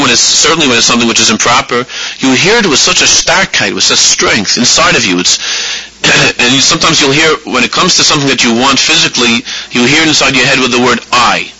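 A man teaching a spoken religious lesson to a live audience, animated, often repeating phrases and acting out inner voices. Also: medium pitch, husky, low-quality recording. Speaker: rabbi teaching a class.

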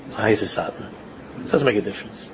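A man with a fairly low voice talks fast in an informal religious talk, captured as a muffled lo-fi recording with a little hiss or hum. His style is repetitive, restating phrases and building to emphatic questions.

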